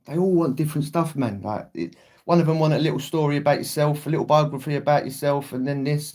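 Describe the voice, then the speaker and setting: A man's voice: mid-range voice, darkish tone. Chatty British man on a livestream. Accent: British English. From England. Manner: chatty, rambling, swears freely, acts out quotes. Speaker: livestream host. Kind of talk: casual livestream chat.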